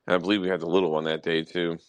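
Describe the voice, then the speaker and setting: A man's voice: deep voice, little pitch movement, racing, clear, resonant tone, no echo, rough recording. A young adult man hosting a casual podcast chat, telling profane stories and getting worked up as he talks. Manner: profane, storytelling, gets worked up. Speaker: podcast host.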